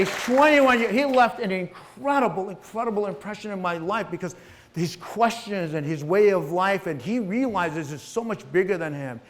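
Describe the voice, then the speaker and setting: A man's voice: high-pitched, expressive, fairly quick, noisy background. Middle-aged male motivational speaker, punchy and repetitive, talks right at the crowd. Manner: emphatic, repetitive, addresses audience directly. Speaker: guest speaker. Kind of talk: motivational stage talk. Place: event hall with live audience.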